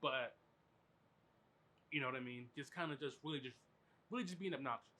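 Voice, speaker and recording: Bright voiced guy rambling a story on his podcast, lots of likes and cussing. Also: mid-range voice, fairly quick. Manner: animated, profane, filler-heavy. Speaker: podcast host. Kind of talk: casual storytelling chat.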